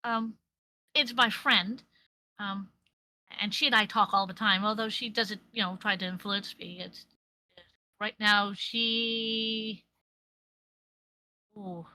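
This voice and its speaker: A woman narrating as game master of a tabletop game, animated and often laughing. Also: mid-range voice, takes it slowly, long pauses, dry recording. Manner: animated, laughing often, with frequent fillers and restarts.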